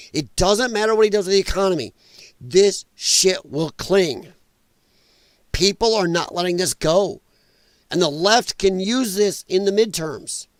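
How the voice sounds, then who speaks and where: A man's voice: high-pitched, no room sound. A man hosting a live political commentary stream, talking bluntly and with profanity, and chatting with viewers. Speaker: livestream host.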